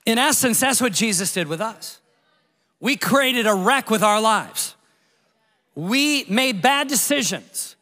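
A man in his forties, a pastor giving a conversational sermon built around a personal story, told in an animated way with the scene acted out. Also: high voice, takes it slowly, in a large hall. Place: large church hall.

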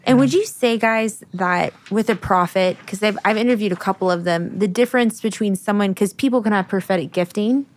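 A woman's voice: medium pitch, a little fast, hardly any pauses. Conversational woman host asking questions. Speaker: host interviewer. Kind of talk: interview questions.

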